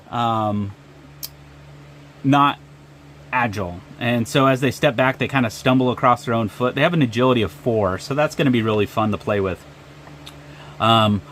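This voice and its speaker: A man's voice: medium pitch, a little hiss or hum. A man narrating and running a solo tabletop game with frequent ums and uhs. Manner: hesitant, lots of ums and uhs.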